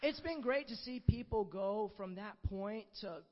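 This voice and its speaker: High-voiced young man preaching in a hall. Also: lively intonation, measured pace, slight background noise. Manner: earnest, conversational, many "you know" asides. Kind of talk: sermon with personal testimony. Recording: dull, muffled sound with long hall reverb.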